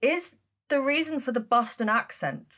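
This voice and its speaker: A woman's voice: sits high, moderate pace. A woman hosting a podcast and chatting expressively with a guest. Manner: expressive, gasping and laughing along. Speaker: podcast host. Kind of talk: casual interview chat.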